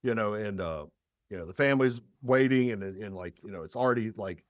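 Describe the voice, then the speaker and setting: A man's voice: lowish voice, fairly quick, no room sound. A man in casual podcast chat, telling a long story with many fillers and restarts. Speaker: podcast guest.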